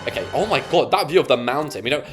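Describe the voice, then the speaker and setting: A woman's voice: a bass voice, animated, fast talker. A woman chatting bubbly and casually to her viewers while building in a game. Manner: chatty, bubbly, talks to chat. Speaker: gaming YouTuber. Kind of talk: casual gameplay commentary. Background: background music.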